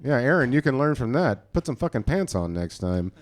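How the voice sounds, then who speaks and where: A man's voice: medium pitch, very animated, fairly quick. A man hosting an open mic comedy show in a small club, introducing comics and bantering loosely with fillers. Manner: loose, hypes the crowd with fillers. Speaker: host. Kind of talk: casual emcee banter.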